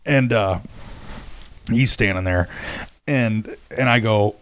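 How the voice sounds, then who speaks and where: A man's voice: fairly low pitch, slow pace, fairly bright tone, clean tone. Profane laughing storyteller man. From Michigan. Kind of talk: casual podcast chat.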